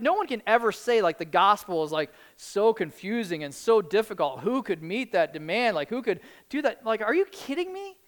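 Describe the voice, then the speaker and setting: A middle-aged woman preaching a sermon in an earnest, conversational way, often saying "like". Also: a little high. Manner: earnest, conversational, many "like" fillers.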